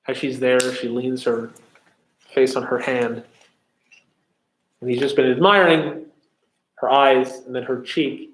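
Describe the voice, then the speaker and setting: A man's voice: mid-range voice, fairly even intonation, unhurried, long pauses, slight background noise. A man teaching a lesson on Shakespeare, explaining step by step with many fillers and restarts, and reading verse aloud. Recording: echoey room.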